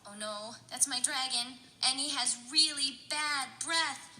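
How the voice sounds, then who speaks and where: High, sing-song storytime librarian woman. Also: measured pace. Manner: animated, sing-song, coaxing a young audience. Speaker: children's librarian. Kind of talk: interactive children's storytime chant.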